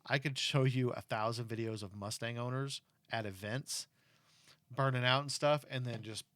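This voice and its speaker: Middle-aged dad, casual storyteller who acts out quotes, mid-range voice, dry close recording. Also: male voice, mid-range voice, fairly even intonation, normal speed, fairly bright tone, dry recording. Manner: earnest and cautionary when talking about safety. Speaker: parent talking with his kid. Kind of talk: casual chat.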